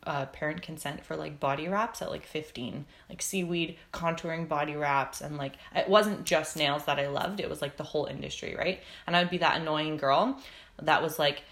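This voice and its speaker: A young woman nail technician chatting on a podcast, telling stories and acting out what people said with lively, animated quotes. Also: sits low, moderate pace. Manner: chatty storyteller, acts out quotes with lively voices. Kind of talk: casual podcast chat.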